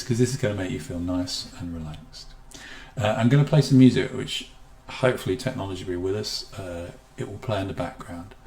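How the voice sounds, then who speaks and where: Low-voiced man presenting a health seminar. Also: reverberant. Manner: deliberately slows and softens his voice to demonstrate calm. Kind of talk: live online seminar talk. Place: room at home with a guitar behind.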